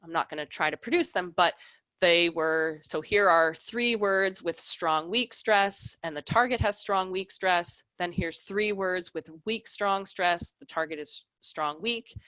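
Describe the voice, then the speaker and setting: A woman's voice: lowish voice, measured pace, sharp tone, no echo, muffled recording. Woman giving a dry academic lecture. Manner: explanatory, walks through examples step by step. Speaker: researcher giving a lab talk.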